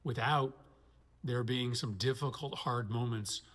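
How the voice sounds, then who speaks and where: A man, a senator, speaking earnestly and in a measured way in played-back clips. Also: mid-range voice, fairly even intonation, fairly bright tone. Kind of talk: political speech in clips.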